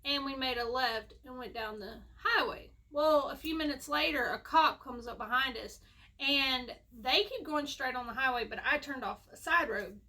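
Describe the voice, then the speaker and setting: A woman's voice: high voice, moderate pace, sharp tone. A young woman, telling a rambling, self-mocking storytime at home. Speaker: vlogger. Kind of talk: casual storytime.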